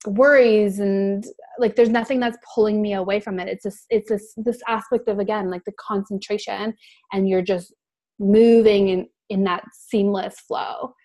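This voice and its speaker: A reflective woman speaks softly and thoughtfully in a casual conversation. She often pauses on fillers as she thinks. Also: mid-range voice, fairly even intonation. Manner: reflective, soft-spoken, many fillers. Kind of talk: casual chat.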